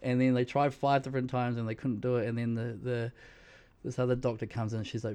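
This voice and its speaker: A New man chatting loosely on a podcast, wandering through a story with ums, likes and chuckles. His voice sits at an ordinary male pitch and he sounds relaxed and conversational throughout. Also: quick pace, clear, resonant tone. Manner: rambling, laughing storyteller full of fillers. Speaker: podcast co-host. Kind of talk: casual chat.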